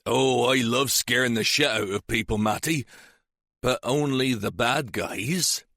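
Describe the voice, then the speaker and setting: A man's voice: mid-range voice, measured pace, a bit bright, dry recording, clean studio sound. A man voicing a shrewd, sly older police sergeant, teasing and relishing menace.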